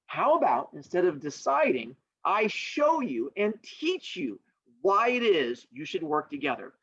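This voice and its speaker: Patient old storyteller, as a man puts him on, coaxing, lively, husky. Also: sits high, unhurried, dull audio, heavily acted. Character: Aesop, patient old male storyteller and teacher.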